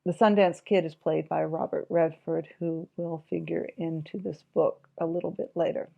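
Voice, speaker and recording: A woman's voice: low-pitched, steady tone, normal speed, creaky, narrow, tinny audio. A woman giving an informal, reflective spoken commentary on a book, musing aloud and reading passages from it.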